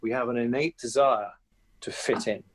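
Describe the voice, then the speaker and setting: A man's voice: mid-range voice, fairly even intonation, moderate pace, a little hiss or hum. A man in his fifties, a comedian talking as an interview guest, chatty and anecdotal, with frequent fillers and restarts. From England. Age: 50s. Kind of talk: reflective interview talk.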